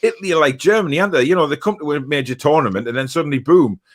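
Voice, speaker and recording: A man's voice: on the high side, racing. A man, hosting a casual football chat, reading out viewer comments and telling jokey stories between plenty of fillers. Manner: chatty, jokey storyteller, frequent fillers.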